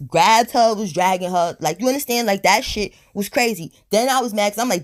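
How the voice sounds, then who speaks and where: A woman of average pitch tells a storytime for her vlog, blunt and profane, with animated delivery. She sounds a little high and tipsy as she talks. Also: a little fast, hardly any pauses. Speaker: storytime vlogger. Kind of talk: casual storytime monologue.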